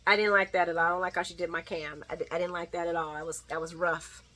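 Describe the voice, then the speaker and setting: A woman casually recapping a soap opera episode, laughing often and acting out the characters' lines in quick little voices. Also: on the low side, a little hiss or hum. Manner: animated and giggly, acts out characters' lines. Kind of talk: casual chat.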